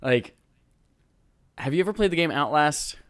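A man's voice: a little high, expressive, moderate pace, fairly bright tone. A man hosting a gaming podcast in casual chat, joking and rambling playfully. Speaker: podcast host.

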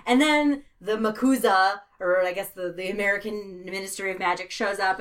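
A woman co-hosting a casual movie podcast, animated and laughing often as she mimics characters. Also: mid-range voice, brisk, few pauses. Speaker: podcast co-host.

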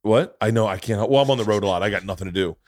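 Joking, rambling podcast host. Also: male voice, on the low side, racing. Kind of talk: casual podcast chat.

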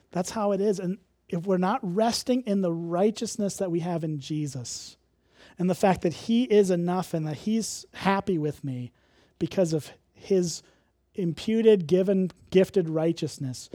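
Guy pastor preaching, chatty and self-deprecating, mellow voice, dry close sound. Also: high voice, no echo. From Illinois. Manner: candid and conversational, with self-deprecating humor. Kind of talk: sermon.

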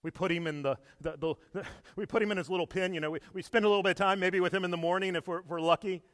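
A man with a high voice preaches a sermon in a church, earnest and emphatic, dropping to a hush and then rising loud again. He stumbles and repeats words now and then, with small laughs in between. His voice rings out with a long echo through a large hall. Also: fairly even intonation, very fast. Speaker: pastor. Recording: echoey hall with long reverb.

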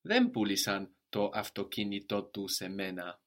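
A man's voice: lowish voice, sing-song, normal speed, a bit bright. A man teaching a language lesson, patiently prompting questions and repeating the learner's answers.

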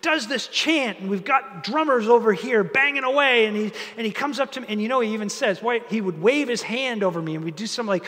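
A man's voice: very high-pitched, fairly quick, hardly any pauses, pushed and bright, big-room sound. A man playing a proud foreign army commander who rants indignantly about being snubbed. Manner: huffy, affronted ranting.

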